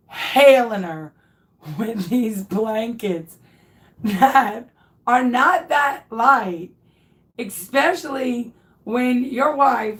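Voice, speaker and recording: A craft host in her thirties breaks off to tell her audience a funny story. Her voice sits a little high and she takes her time. She laughs at herself along the way and often restarts her sentences. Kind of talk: casual storytelling to viewers.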